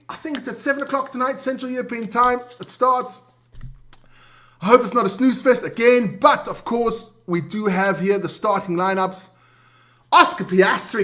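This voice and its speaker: A man co-hosting a sports chat show from South Africa, loud and jokey, swearing and greeting his chat viewers. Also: extremely high pitch, moderate pace.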